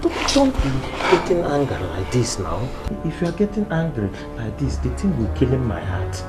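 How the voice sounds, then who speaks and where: A woman's voice: extremely low pitch, wildly swooping pitch, normal speed, music in the background, heavily acted. A woman plays a shop owner who speaks broken English and stammers as she pleads. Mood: pleading. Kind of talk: film drama acting. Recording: film audio with loud score.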